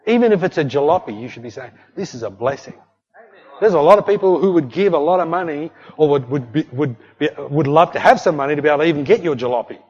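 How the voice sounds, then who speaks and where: Emphatic preacher in a reverberant hall. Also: male voice, fairly high pitch, lively intonation, fast, hardly any pauses, a little mellow, slightly rough. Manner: emphatic preaching with repeated "hey" and "don't fret". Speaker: pastor. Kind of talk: sermon. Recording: long hall reverb, dull lo-fi sound.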